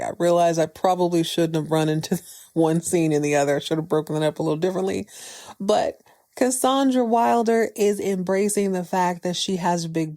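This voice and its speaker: A woman's voice: mid-range voice, dark tone, no room sound, studio quality. Slangy, playful woman recapping a TV episode. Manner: playful, slangy, joking asides. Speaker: podcast host.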